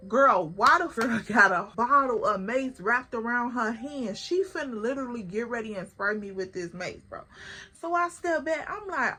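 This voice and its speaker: A young woman telling a story on her vlog, animated and acting out what everyone said. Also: fairly high pitch, moderate pace. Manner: animated storytelling, acts out quoted lines. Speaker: vlogger.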